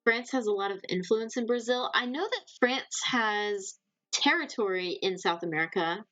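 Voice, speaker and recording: A woman streaming live, chatting casually and reacting to her chat with loud exclamations. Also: mid-range voice, moderate pace, rough recording.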